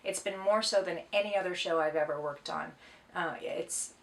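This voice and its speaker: Recorded at a distance in an echoey room, a middle-aged Canadian actress reads fan questions aloud and jokes playfully through her answers. It's a casual Q&A she recorded herself. Her pitch is fairly low and her pace moderate.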